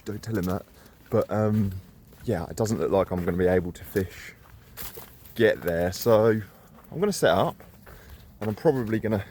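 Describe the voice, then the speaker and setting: A fairly low-voiced man rambles in an easy, self-deprecating way while he walks outdoors, slightly out of breath. Faint open-air noise sits under his voice. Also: darkish tone. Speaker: carp fishing vlogger. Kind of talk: casual walk-and-talk vlog. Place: outdoors by a lake.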